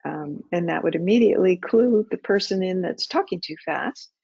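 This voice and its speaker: A middle-aged woman who used to work as an air traffic controller talks through pilots' questions in a practical, chatty way and acts out radio exchanges. Her voice has some gravel in it. The recording is dry and muffled, like a webinar feed. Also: on the low side, expressive, normal speed, warm tone, dry recording. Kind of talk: webinar Q&A answers. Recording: dull muffled webinar audio.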